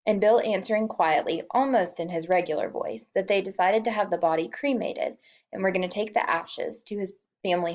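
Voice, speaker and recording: A woman's voice: medium pitch, darkish tone, highs cut off. A woman reading a novel aloud as an audiobook, emotive and lightly voicing the characters. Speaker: audiobook reader.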